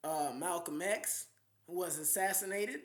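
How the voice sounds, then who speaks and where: A man's voice: high voice, unhurried, echoey room. A young man delivering a rambling, defiant monologue as a self-styled spiritual leader, repeating phrases and dragging some words out for emphasis.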